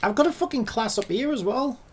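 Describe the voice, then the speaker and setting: A man's voice: very high voice, lively intonation, a little fast, breathy edge. A man in a casual coding vlog who swears and rants in exasperation at his screen. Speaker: hobby programmer.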